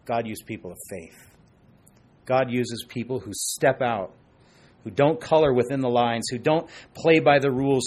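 A middle-aged male pastor preaching a sermon in an animated way, dropping into quiet asides and acting out quoted voices. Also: mid-range voice, husky.

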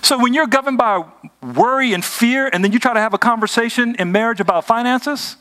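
High-voiced preaching man. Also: a little fast, pushed and bright. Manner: emphatic preaching with rhetorical questions to the congregation. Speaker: pastor. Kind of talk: sermon.

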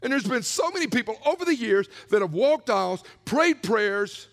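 A middle-aged male pastor preaching his personal testimony, telling it with animated swings from hushed asides to shouts. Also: very high voice, normal speed. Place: church sanctuary. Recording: long reverb of a large church hall.

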